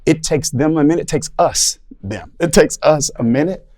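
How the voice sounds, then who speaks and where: Guy on a podcast thinking out loud, kinda halting, picks words carefully. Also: fairly high pitch. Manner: thoughtful, searching for words, restarts. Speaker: podcast panelist. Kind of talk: reflective podcast discussion.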